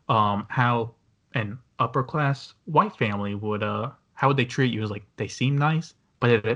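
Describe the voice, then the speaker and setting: A man's voice: mid-range voice, fairly bright tone. A man hosting a casual movie review podcast, talking in a rambling way with many fillers and restarts. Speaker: podcast host.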